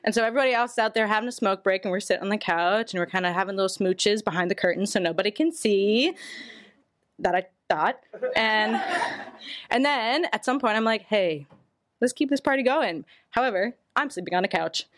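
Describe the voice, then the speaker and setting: A woman's voice: medium pitch, lively intonation, a little fast, dry recording. Candid woman telling a story, dry sound. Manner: candid, laughing through the story. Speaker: storyteller guest. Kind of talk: casual storytelling.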